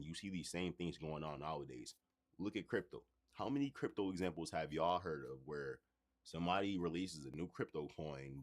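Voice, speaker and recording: Male streamer host with a very deep voice, loose and conversational, swears freely. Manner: loose, profane, conversational, addresses chat directly. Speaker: livestream host. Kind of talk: casual livestream monologue.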